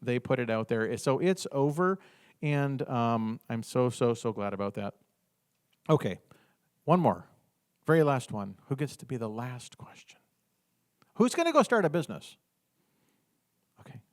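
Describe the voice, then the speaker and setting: A man giving an informal business workshop talk, animated, acting out little dialogues with the audience. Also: mid-range voice, unhurried, long pauses.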